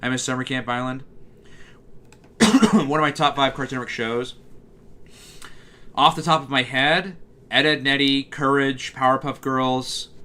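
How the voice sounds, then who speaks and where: A man's voice: medium pitch, a little slow, pauses often, bright, forceful tone. A man streaming live, chatting casually and reading comments, rambling with fillers and restarts.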